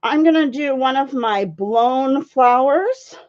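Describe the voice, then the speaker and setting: A woman with a high voice chats loosely with her viewers while painting live, greeting them by name and filling her sentences with "you know" and "um". Her audio sounds dull and lo-fi, like a home stream mic. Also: takes it slowly, a little mellow. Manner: chatty, friendly, many fillers, greets viewers by name.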